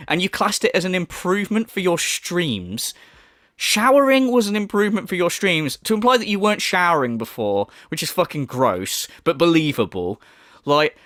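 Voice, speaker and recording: Profane man ranting, lively pitch. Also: normal speed, no echo, clean studio sound. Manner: profane, mocking, exasperated. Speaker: commentary YouTuber. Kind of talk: ranting video commentary.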